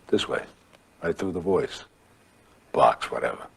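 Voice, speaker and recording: An older man tells a ghost story from memory, his voice very deep with a husky grain. He rambles conversationally, pausing for effect and acting out the quotes. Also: lively intonation. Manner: rambling, with dramatic pauses and acted quotes.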